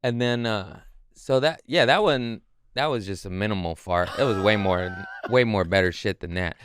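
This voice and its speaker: A man, a comedian guest, telling stories casually and animatedly, swearing and acting out quotes in high voices. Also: normal speed, noisy background. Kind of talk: casual storytelling.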